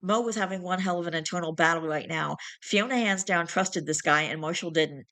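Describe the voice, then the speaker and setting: A woman's voice: fairly low pitch, a little fast, a bit bright. A woman reading fiction aloud, now and then correcting herself with little asides. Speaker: reader.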